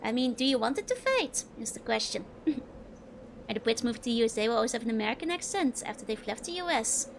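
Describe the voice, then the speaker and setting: A young woman from the Netherlands with a clear Dutch accent, streaming a game. Her voice sits high, and she chats loosely with viewers and giggles often between remarks. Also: big pitch swings, fast talker, slight background noise. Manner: giggly, chatty, answering chat while playing. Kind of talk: casual game-stream chat.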